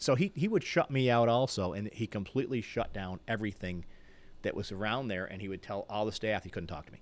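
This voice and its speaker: A low-voiced man tells a story as a talk show guest, pushing quickly through his sentences. He is animated, stops and restarts his phrases, and often repeats a word. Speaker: guest, former mayor.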